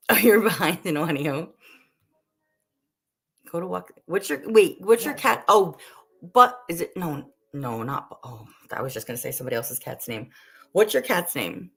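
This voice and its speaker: A woman's voice: low voice, very animated, unhurried, vocal fry, long pauses, fairly bright tone, breathy edge. A woman from the Northeastern United States hosting a livestream, chatting casually with viewers in a rambling way, full of "like" and "um". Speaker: livestream host. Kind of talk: casual chat while cooking, answering viewer comments.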